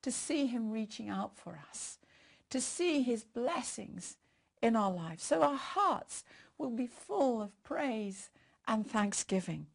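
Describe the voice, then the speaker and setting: A woman's voice: fairly high pitch, very animated, takes it slowly, creaky. An older woman giving a devotional sermon and leading a prayer in a storytelling manner. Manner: warm storytelling, leads prayer. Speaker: preacher.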